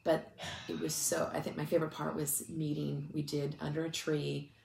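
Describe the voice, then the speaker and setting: A woman's voice: low-pitched, level tone, normal speed, gravelly, a little mellow. A woman ministry speaker telling a story in a casual, chatty way, full of restarts and fillers, and close to tears. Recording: echoey room with faint noise.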